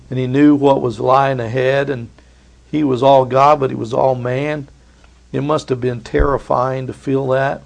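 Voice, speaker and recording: Guy preaching a sermon, gravelly voice, reads scripture and does the voices of the people in it. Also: mid-range voice. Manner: reads scripture aloud and acts out voices of biblical figures.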